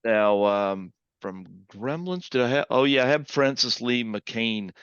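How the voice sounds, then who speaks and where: A man's voice: medium pitch, expressive, measured pace, a bit bright, smooth, no room sound, lo-fi sound. A male podcast host who interviews his guest in a hesitant way, with lots of fillers.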